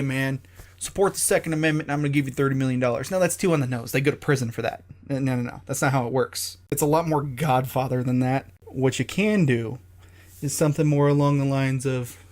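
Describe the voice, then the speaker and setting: A man hosting an opinion show, talking bluntly and casually with plenty of swearing. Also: a little high. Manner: blunt and profane, conversational. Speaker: host. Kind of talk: opinion monologue.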